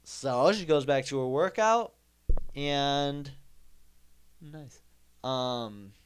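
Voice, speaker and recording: A man's voice: medium pitch, drawn-out words, clear, resonant tone. Man, young adult, comedic monologue, rambling, repetitive, mock-indignant. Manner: rambling, repeats phrases, mock-indignant asides. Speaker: comedian host.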